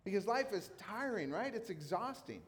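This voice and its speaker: A man's voice: high voice, very animated, normal speed. A middle-aged man who is a pastor, preaching a sermon in a casual, conversational way with emphatic repetition. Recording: long hall reverb.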